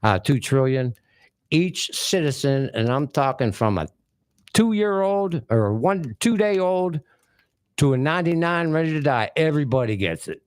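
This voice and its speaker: A man's voice: a little high, lively intonation, a little slow, clean tone, dry recording, studio quality. A man hosting talk radio, delivering a rambling, folksy and opinionated monologue in a blunt manner. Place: small radio studio. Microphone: studio microphone.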